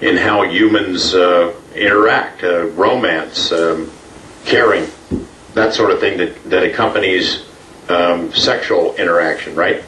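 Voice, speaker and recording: A man's voice: low voice, measured pace, bright, forceful tone. A man interviewing a guest, asking probing questions hesitantly with many fillers. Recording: roomy, distant mic, faint noise.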